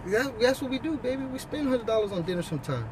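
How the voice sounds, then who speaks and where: A man's voice: very high voice, big pitch swings, fast talker, a crowd in the background. A man giving life advice as a husband and father, talking bluntly and swearing constantly in a casual monologue. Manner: blunt, heavily profane, preachy.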